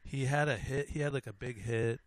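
A man's voice: medium pitch, normal speed, dry recording. Easygoing jokey male radio co-host. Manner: easygoing, jokey, laughs often. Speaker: music radio show co-host. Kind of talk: casual on-air banter.

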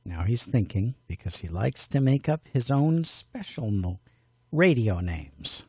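A man's voice: medium pitch, very animated, unhurried, warm tone, husky, dry recording, clean studio sound. A man hosting a casual homemade radio show, bantering playfully in a fatherly way. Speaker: host.

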